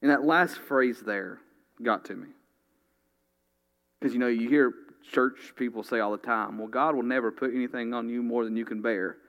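A man's voice: medium pitch, fairly even intonation, moderate pace, fairly bright tone. A man preaching a sermon, earnestly reading scripture and speaking straight to his congregation. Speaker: pastor.

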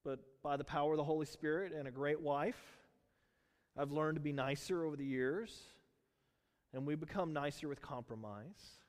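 Pastor, middle-aged man, high voice, chatty animated sermon, church hall reverb. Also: normal speed. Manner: conversational, storytelling, animated.

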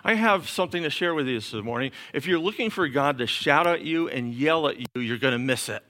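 Emphatic high-voiced male pastor. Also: expressive, brisk. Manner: emphatic repetition, drops to soft murmurs. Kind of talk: sermon.

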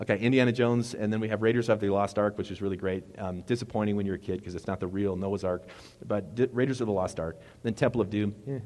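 A man preaching a sermon in a relaxed, conversational way, retelling movie scenes and correcting himself as he goes. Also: on the low side. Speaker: pastor. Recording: long reverb of a hall.

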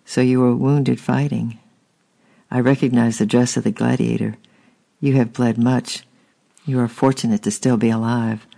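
A man reading the lines of a gentle woman tending a wounded man in a storybook. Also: mid-range voice, flat delivery, normal speed, gravelly. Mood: thoughtful. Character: kind gentle Christian woman caring for the sick.

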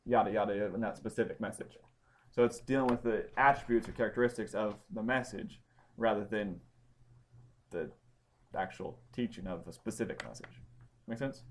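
A man teaching a Bible study class, explaining points step by step and pausing to check that his students follow. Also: fairly low pitch, slight background noise. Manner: explanatory, checks understanding with questions.

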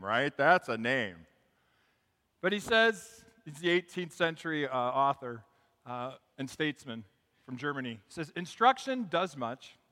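A male pastor speaks in a bright, slightly raised voice, relaxed and conversational as he tells jokes and stories. His words hang in the long reverb of a church sanctuary. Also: a little high. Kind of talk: sermon.

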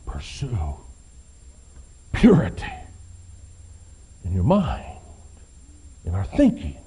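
Middle-aged male pastor preaching with a mellow voice. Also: low-pitched, wildly swooping pitch, slow, slightly rough. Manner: swings from quiet to loud, stressed emphatic delivery. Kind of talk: sermon.

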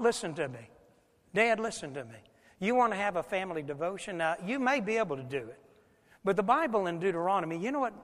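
Older pastor, man, animated folksy preaching, ringing church reverb. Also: sits high. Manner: folksy, animated, with loud bursts. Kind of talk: sermon. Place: church sanctuary.

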